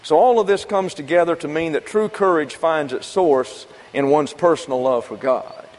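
A pastor delivers a folksy, conversational sermon, posing rhetorical questions and answering them himself. His darkish voice sits a bit higher than most men's and moves at a moderate pace. It carries through a hall with a long reverb tail.

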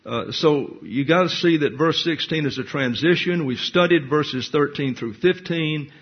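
A man's voice: medium pitch, husky. A man preaching a Bible class sermon, blunt and teacherly, reading scripture verse by verse and explaining it. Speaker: pastor. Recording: dull lo-fi recording.

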